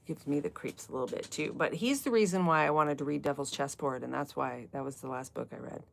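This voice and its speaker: Low gravelly woman chatting live. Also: fast talker, slight background noise. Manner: chatty, talks straight to chat viewers, drifts between topics. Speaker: livestream book club host. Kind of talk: casual live chat reading comments.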